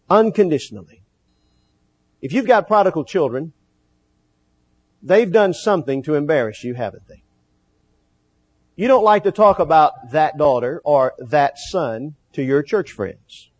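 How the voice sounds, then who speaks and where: A man preaching a sermon, earnest, slowing down to stress key phrases. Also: fairly high pitch, darkish tone.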